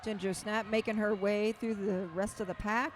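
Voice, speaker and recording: A woman announcing a roller derby bout live, making brisk, matter-of-fact calls with dry quips. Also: mid-range voice, little pitch movement, background noise. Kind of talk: live sports commentary.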